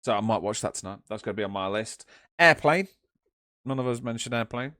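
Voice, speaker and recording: A man hosting a casual chat, lively and swearing, calling on the others to speak. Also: medium pitch, a little fast, no room sound, clean studio sound.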